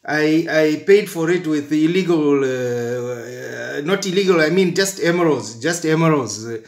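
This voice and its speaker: A man's voice: fairly high pitch, unhurried, echoey room. A man giving a rambling, indignant comic monologue that is full of stammers and restarts. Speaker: comedy channel host in character.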